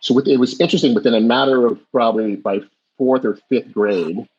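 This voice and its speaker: A man's voice: mid-range voice, fairly quick, darkish tone, husky. A middle-aged man who was born in the US and raised in Jamaica, telling his life story as a podcast guest in a reflective, rambling way with many restarts. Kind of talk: candid storytelling in a conversation. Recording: dull lo-fi audio.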